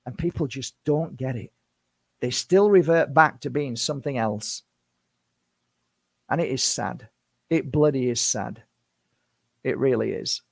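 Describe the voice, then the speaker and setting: A man's voice: medium pitch, unhurried, gravelly, pauses often, no room sound, clean studio sound. A man in his fifties, a spiritual healer, speaking to camera in an impassioned, defensive monologue full of rhetorical questions. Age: 50s.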